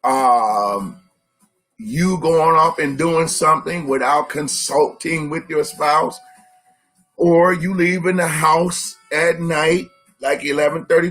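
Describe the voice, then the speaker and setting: A man's voice: a little high, fairly bright tone. A man co-hosting a live-stream discussion, teaching by asking his listeners rhetorical questions.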